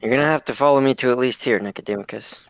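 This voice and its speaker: A man's voice: medium pitch, very fast, gravelly, smooth, no room sound. A man playing an online tabletop game, carefully describing his character's actions in first person, with fillers. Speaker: player.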